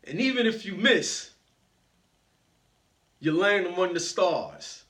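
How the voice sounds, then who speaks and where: A man doing a booming motivational-speaker captain who comes over the intercom, slow and emphatic, with a bright, forceful ring to the voice. The delivery is measured and unhurried. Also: lively intonation, distant mic, exaggerated voice. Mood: proclaiming.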